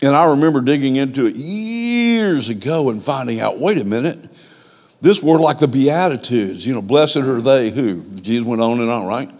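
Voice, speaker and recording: A man preaching an informal sermon, conversational and animated, with stammering restarts. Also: mid-range voice, moderate pace. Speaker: pastor.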